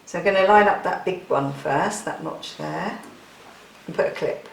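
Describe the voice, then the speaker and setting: A woman's voice: fairly low pitch, moderate pace, vocal fry, reverberant, a little hiss or hum. A woman chatting through a sewing tutorial, laughing often and poking fun at herself.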